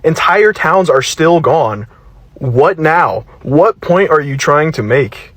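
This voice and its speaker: A man's voice: a little high, expressive, takes it slowly, a bit bright, a little hiss or hum. A man, heatedly and sarcastically defending his home region in a reaction video. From western North Carolina.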